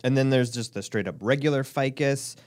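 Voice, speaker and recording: A man's voice: mid-range voice, brisk, darkish tone, no room sound. A man co-hosting a podcast, talking casually and hesitantly with many fillers. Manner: hesitant, filler-heavy listing. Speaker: podcast co-host.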